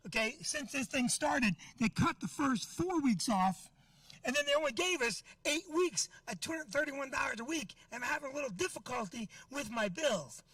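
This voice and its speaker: A man's voice: very high voice, animated, fairly quick, no echo, recorded from a distance. A man doing a profane, brash stand-up comedy set in a club, working the crowd and acting out conversations. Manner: brash, profane, acts out quoted dialogue and shouts.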